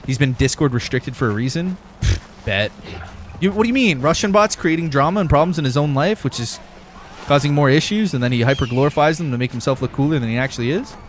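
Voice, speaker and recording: A man's voice: on the high side, expressive, fast talker, slight background noise. A young man live streaming a game, chatting loosely with his viewers, rambling and swearing a lot. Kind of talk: casual live stream chat.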